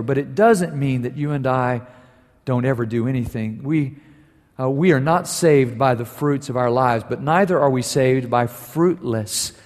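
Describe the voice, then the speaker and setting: A man's voice: medium pitch, darkish tone. A man preaching a sermon as pastor, telling stories and building to emphatic points. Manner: storytelling, building to emphatic declarations. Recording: long reverb of a large hall.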